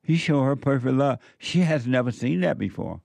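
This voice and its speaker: A man's voice: mid-range voice, normal speed, gravelly, a little mellow, no echo. A man hosting a commentary show, preaching emphatically and telling stories from his youth. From southern United States. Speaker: commentary host.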